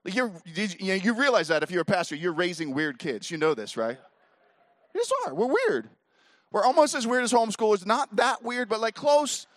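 Male speaker in his 40s, dry close sound, high voice, animated storyteller who acts out the voices. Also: brisk, dry recording. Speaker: speaker at a youth leader event. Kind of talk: storytelling talk to a live audience.

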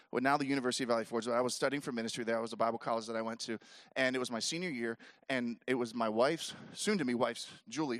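A man in his forties telling a story to a live audience at an event, animated and acting out the voices of the people in it. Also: mid-range voice, no room sound, studio quality. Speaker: speaker at a youth leader event.

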